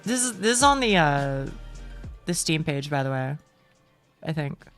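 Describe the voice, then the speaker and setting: A young woman streaming a game live, chatty and excitable, swearing freely and reading out chat. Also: deep voice, measured pace, faint music behind.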